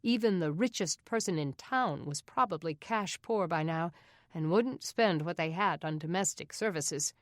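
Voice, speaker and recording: A woman narrates an audiobook with a steady, even reading. Her voice sits a little low, and the sound is dry and close, with no room around it. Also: normal speed, dry recording. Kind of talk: scripted narration.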